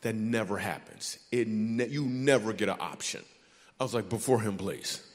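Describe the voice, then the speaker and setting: A man's voice: on the low side, moderate pace. A man from Michigan doing stand-up comedy, telling a story with playful asides to the crowd. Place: large theater stage. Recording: hall reverb on a theater stage.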